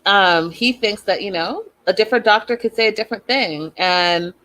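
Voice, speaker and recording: With a sharp tone in a mid-range voice, at an ordinary pace, the woman hosts a chatty reality TV recap. She's opinionated and thinks out loud, talking straight to viewers and peppering her speech with "like."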